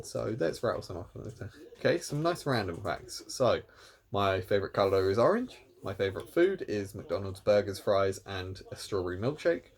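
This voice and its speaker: A man's voice: on the low side, sing-song, normal speed, gravelly. Rambling guy vlogging about himself. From England. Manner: rambling, self-deprecating, laughs at himself. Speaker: YouTuber. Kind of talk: casual solo vlog chat.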